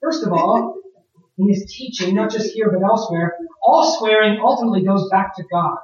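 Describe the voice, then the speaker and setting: A man's voice: sits high, normal speed, dull audio. Male preacher, chatty sermon delivery full of rhetorical questions, distant mic in a very echoey room. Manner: conversational, asks rhetorical questions.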